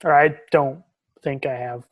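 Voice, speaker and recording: A man's voice: mid-range voice, steady tone, a little slow. A young man from Maine co-hosting a college radio podcast, rambling casually with lots of restarts and hedges. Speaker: podcast co-host. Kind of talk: casual chat.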